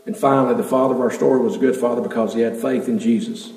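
Male pastor, mid-pitched, earnest sermon delivery with rhetorical questions; roomy church sound, off-mic. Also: steady tone, fast talker, darkish tone. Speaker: preacher. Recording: echoey hall, mic at a distance.

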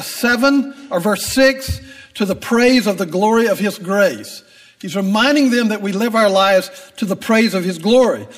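A man's voice: sits high, long reverb tail. An older man with grandchildren, preaching a sermon in a folksy, conversational way with frequent fillers and restarts.

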